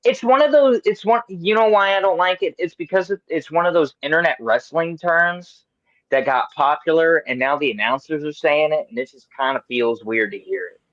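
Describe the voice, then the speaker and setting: A man's voice: on the high side, normal speed, no room sound. Guy in his 30s ranting on a podcast, swears a lot, rambles, dry dull mic. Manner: animated, rambling, profane. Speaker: podcast host. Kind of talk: casual chat.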